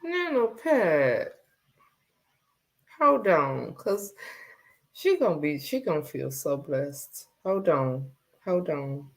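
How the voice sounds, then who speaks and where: A woman's voice: low-pitched, very animated, takes it slowly, long pauses. A woman hosting a casual live chat, talking in a heartfelt way and often repeating her phrases. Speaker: livestream host.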